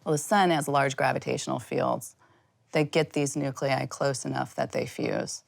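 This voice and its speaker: A woman guest in an interview, explaining clearly and confidently. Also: extremely low pitch, wildly swooping pitch, moderate pace. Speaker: industry expert guest. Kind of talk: interview answers.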